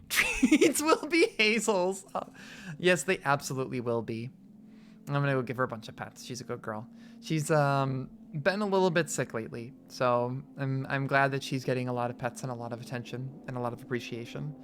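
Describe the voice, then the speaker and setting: A woman chatting casually on a live stream, excitable and swearing freely, cooing at her dog between thank-yous. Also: a bass voice, a little fast.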